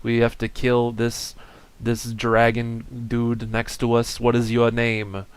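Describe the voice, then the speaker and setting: A man's voice: mid-range voice, completely flat delivery, takes it slowly, smooth, lightly acted. A man voicing a silly, chatty male mascot character, rambling playfully in an improvised comedy bit. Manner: playful, rambling, bits of mock hype.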